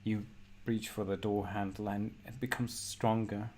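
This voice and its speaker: A man narrating a horror tabletop game as game master, in a measured, descriptive way. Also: fairly low pitch, level tone, a little mellow, slight background noise.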